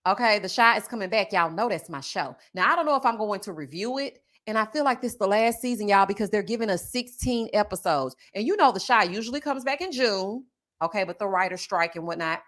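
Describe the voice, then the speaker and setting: Lively, expressive woman hosting a livestream. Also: medium pitch. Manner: animated, talks straight to viewers, reads chat aloud; bursts into loud laughs. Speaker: reality TV recap host. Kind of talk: casual livestream chat.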